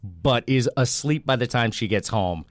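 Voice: mid-range voice, animated, moderate pace, no room sound, clean studio sound. A podcast co-host in casual chat, wry and teasing, laughing often.

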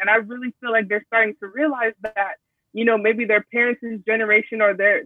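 High-voiced man on a tinny phone line. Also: no echo, far from the mic. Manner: emphatic, animated, slangy. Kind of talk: casual discussion.

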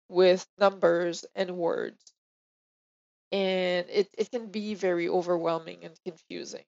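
A woman's voice: mid-range voice, gravelly, darkish tone, lo-fi sound. A woman with a French accent, a medium speaking as an interview guest in casual, thoughtful chat.

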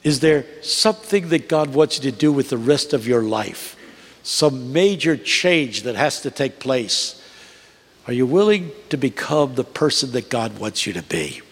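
A man in his eighties preaching a sermon to a congregation, with a rhythmic cadence that climbs to high, emphatic peaks. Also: lively intonation, unhurried. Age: 80s. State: unwell. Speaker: guest preacher. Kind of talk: sermon with storytelling. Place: large church. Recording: long reverb of a large church.

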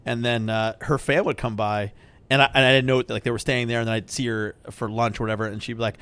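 A man's voice: medium pitch, fast, a bit bright, dry recording. A man chatting casually as a podcast host, laughing often and acting out voices in his anecdotes. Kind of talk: casual chat.

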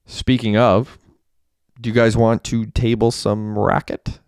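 A man reading a novel aloud, voicing a loud, brash young man who loves to party. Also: fairly low pitch, flat delivery, unhurried, gravelly, clean tone, dry recording, clean studio sound.

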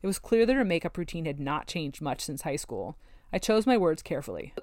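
A woman narrating a novel in the first person, with steady, wry storytelling. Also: sits low, fairly quick, no room sound, clean studio sound. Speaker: audiobook narrator.

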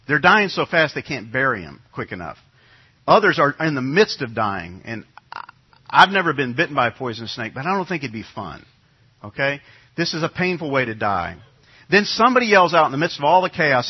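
Male preacher, husky voice, lively pitch, sermon storytelling, dull lo-fi recording. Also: brisk. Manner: animated storytelling, acting out crowd voices.

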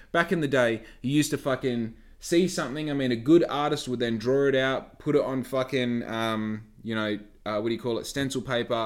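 Sweary man ranting casually. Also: mid-range voice. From Australia. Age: young adult. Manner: swears a lot, rambling, flares into loud rants. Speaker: vlogger. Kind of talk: casual chat.

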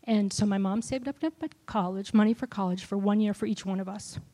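A middle-aged woman giving a personal testimony sermon, telling a story with lively shifts and dropping to a whisper for quoted lines. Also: medium pitch, brisk. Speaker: speaker at a church gathering.

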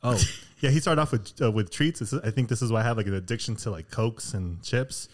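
A man's voice: medium pitch, fast talker. Man telling a story in casual chat. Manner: animated storyteller, laughs through his story.

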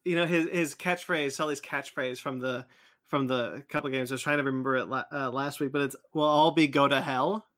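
A man's voice: mid-range voice, steady tone, brisk, sharp tone. A man hosting a casual pop-culture chat, reading out news items in a loose, chatty way. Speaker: podcast host reading news.

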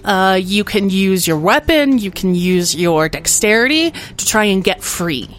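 A woman's voice: medium pitch, animated, a little slow. A woman narrating as game master of a tabletop game, patiently explaining the rules.

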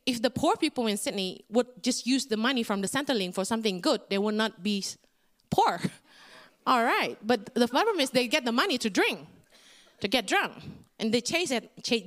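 A middle-aged Indonesian woman, speaking as a guest, tells her story in an animated sermon marked by big swings in pitch.

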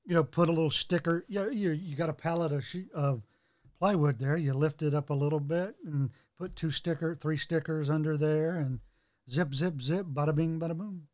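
A man's voice: a little high, normal speed, no echo. Man with a dry, close sound, talking casually. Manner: relaxed, hesitant, filler-heavy. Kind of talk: casual chat.

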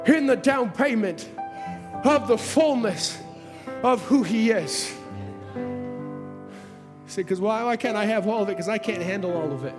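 A man preaching a sermon to a church congregation, with a fervent cadence and repeated rhetorical questions. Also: high-pitched. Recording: long hall reverb, faint music behind.

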